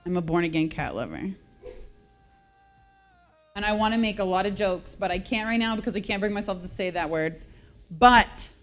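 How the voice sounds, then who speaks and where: A woman's voice: mid-range voice, fairly quick, a bit bright, faint music behind. Chatty woman radio host telling a story. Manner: chatty, self-mocking, laughs often. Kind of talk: casual radio chat, storytelling.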